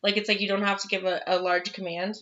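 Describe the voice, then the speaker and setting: A young woman chats casually as a podcast co-host, telling animated, swear-filled stories with frequent laughter. Her voice is bright and clear-edged, though the recording sounds somewhat dull and lo-fi. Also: mid-range voice, quick pace. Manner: animated storyteller, swears freely, laughs often. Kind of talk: casual chat.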